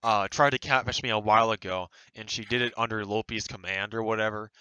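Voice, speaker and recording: A young man in his late teens telling stories in casual podcast chat, animated and laughing, acting out others' lines mockingly. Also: on the low side, a little fast, smooth, no room sound, rough recording. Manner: laughing, animated storytelling with mocking quoted voices.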